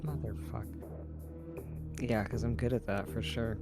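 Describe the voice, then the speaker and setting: A man's voice: fairly low pitch, level tone, brisk, music in the background. A man playing a tabletop game, casually stating what his character does. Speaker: player.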